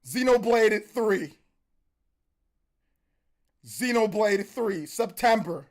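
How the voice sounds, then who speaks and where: A man hosting a live reaction stream, talking in excited, emotional bursts and repeating himself, with a voice that is wearing out. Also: very high-pitched, slow, long pauses. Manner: excited, emotional, repetitive exclamations. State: losing his voice. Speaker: host.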